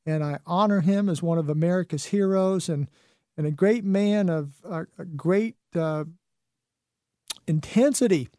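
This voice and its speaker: Slow, folksy middle-aged radio host. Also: male voice, sits high, mellow, no echo, studio quality. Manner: folksy and preachy, full of rhetorical questions. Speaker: radio health and wellness host. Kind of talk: radio talk monologue.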